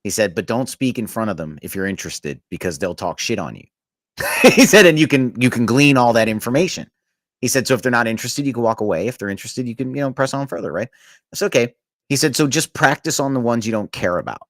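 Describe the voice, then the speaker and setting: A man's voice: medium pitch, animated, fast talker, fairly bright tone, dry recording. Chuckling man with dry close sound. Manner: rambling, chuckling storyteller. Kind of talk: casual storytelling chat.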